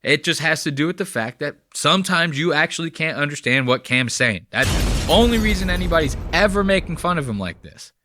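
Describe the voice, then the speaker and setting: A man's voice: on the high side, animated, brisk, pushed and bright, no room sound. A man hosting a podcast, chatting casually and profanely about clips he plays, with lots of fillers. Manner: profane, rambling, filler-heavy. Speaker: podcast host.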